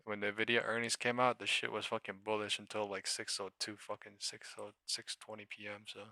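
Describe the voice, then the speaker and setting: A man's voice: fairly low pitch, monotone, a little fast, creaky, sharp tone, no echo. A man live-streaming his stock trades, talking casually with heavy swearing and exasperated rambling.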